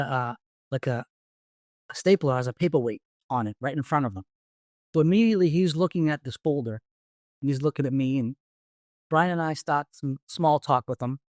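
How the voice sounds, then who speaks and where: A man's voice: medium pitch, no room sound, clean studio sound. A middle-aged man, a retired police detective telling a case story in an interview, blunt and profane, acting out his own lines.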